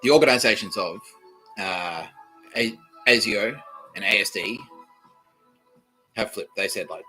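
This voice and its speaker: A man's voice: fairly low pitch, measured pace, long pauses, pushed and bright, soft background music, low-quality recording. A man hosting a podcast, rambling through a comedic monologue, laughing often, swearing and acting out quoted exchanges. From Australia. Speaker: podcast host.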